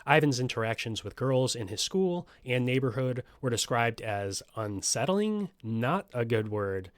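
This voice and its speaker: A male podcast host narrates a true crime story at a mid-range pitch. He reads from a script but drops into casual, swearing asides. The sound is close and dry, with no room reverb. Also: very animated, a little slow. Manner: profane, joking asides between scripted passages.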